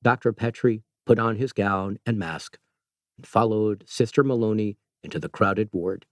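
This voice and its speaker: Low-voiced man narrating an audiobook. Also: moderate pace, no echo, clean studio sound.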